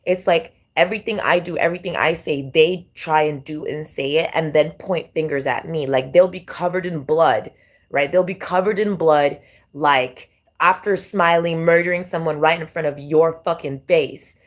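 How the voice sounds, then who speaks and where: A woman's voice: low voice, moderate pace. A woman doing a tarot reading who rambles in a casual, repetitive way and leans heavily on fillers. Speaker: tarot reader.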